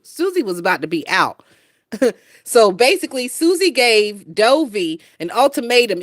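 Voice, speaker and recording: A brash, foul-mouthed woman in her twenties hosts a casual gossip livestream, reading viewer comments aloud and laughing a lot. Her fairly high voice is very animated at a normal speed. The studio-quality recording has no echo.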